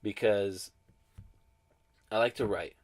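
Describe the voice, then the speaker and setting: Low-voiced laid-back young man. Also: fairly even intonation, slow, a little mellow. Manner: laid-back, reflective, swears casually. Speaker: podcast co-host. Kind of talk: casual chat.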